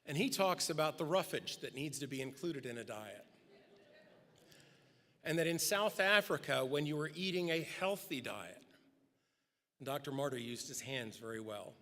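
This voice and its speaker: A man's voice: normal speed, long pauses, a bit bright. A middle-aged man giving a eulogy at a memorial service, telling personal anecdotes and acting out quotes, speaking at a podium microphone in a large church sanctuary. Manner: storytelling, acting out quotes with rising pitch. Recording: long church hall reverb.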